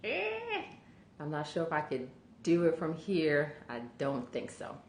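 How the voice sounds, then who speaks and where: A woman's voice: deep voice, moderate pace, roomy sound, noisy background. A woman career coach hosting a casual live stream, chatty and greeting viewers by name, sleepy from allergies.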